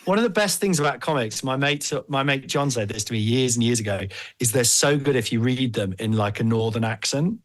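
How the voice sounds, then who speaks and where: A man hosting a podcast, chatting casually in an animated, rambling, jokey way. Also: mid-range voice, moderate pace. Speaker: podcast host.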